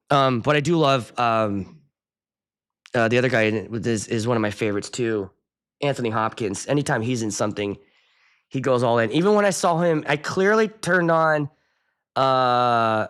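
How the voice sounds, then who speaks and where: A man from the Pittsburgh area talks casually on his own live stream, a DJ ranting at mid pitch. He rambles and jumps from topic to topic, getting worked up as he goes. His voice sits in an ordinary middle register. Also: fairly bright tone. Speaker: wedding DJ and show host.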